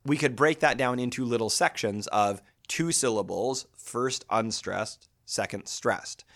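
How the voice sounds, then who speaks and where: A man in his thirties lecturing on poetry as a literature teacher, thoughtful and animated, thinking aloud with small restarts. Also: mid-range voice, a little slow.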